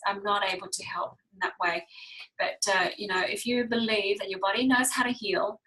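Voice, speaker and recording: A woman's voice: medium pitch, bright, forceful tone, rough recording. A woman teaching a casual online health class, explaining step by step and often checking in with her listeners.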